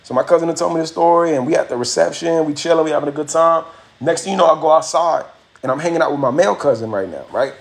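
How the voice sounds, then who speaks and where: A man, hosting a livestream and telling a story casually, slangy and animated, repeating phrases for effect. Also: fairly high pitch, fast talker, gravelly. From Miami, USA. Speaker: livestream host.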